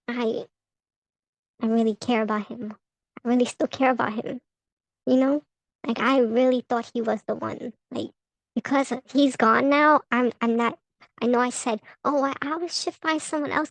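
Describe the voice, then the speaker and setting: A high-pitched young woman talks through her tarot cards in a loose, rambling way. She is blunt and swears freely, laughing between lines and restarting sentences. The sound is dry and close, with no room echo. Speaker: tarot vlogger. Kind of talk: casual tarot reading commentary.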